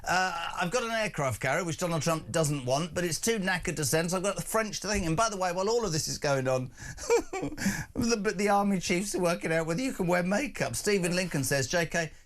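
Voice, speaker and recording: A man's voice: high voice, a little fast. An older man with a British accent hosting breakfast radio, blunt and chatty, reading out listener messages. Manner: blunt, animated, reads listener texts aloud. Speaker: radio host.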